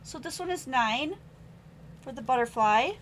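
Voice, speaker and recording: A woman's voice: high voice, expressive, unhurried, a little hiss or hum, low-quality recording. A young adult woman hosting a live-streamed craft supply sale at home, chatting as she reads out stamp sentiments and prices. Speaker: online craft sale host. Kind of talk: live-stream sales chat.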